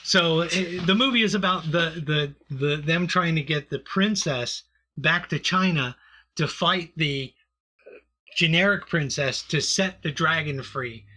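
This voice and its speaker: A man co-hosting a comedy podcast in loose, profane chat. His voice sits a little high and rings bright. He wanders through his points with plenty of fillers. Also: unhurried. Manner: rambling, profane, full of fillers. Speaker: podcast co-host.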